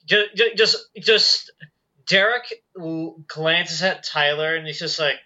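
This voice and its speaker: A man takes part in a tabletop game, his voice sharp and very bright, dropping into a folksy drawl for his character. His mic sounds muffled and lo-fi. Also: fairly high pitch, slow pace. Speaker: player. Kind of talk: tabletop role-play. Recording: dull lo-fi mic.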